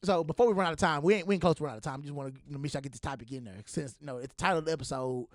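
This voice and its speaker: A young man hosting a podcast, telling stories in a casual, animated way and acting out the voices of the people he quotes. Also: a little high, very fast, no room sound, studio quality. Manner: animated, acts out quoted voices, laughs often. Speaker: podcast host. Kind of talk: casual storytelling chat.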